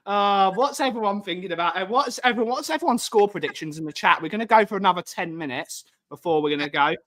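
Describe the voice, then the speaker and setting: Man, live stream host, high voice, bright tone, upbeat. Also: fast. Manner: upbeat, addresses the chat. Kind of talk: casual live stream chat.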